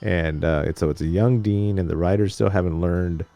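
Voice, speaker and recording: A man's voice: sits low, fairly even intonation, normal speed, vocal fry, warm tone, faint music behind. A man co-hosting a podcast, recapping a TV episode in casual chat, rambling and joking as he tells the story. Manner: rambling, jokey storyteller who acts out scenes.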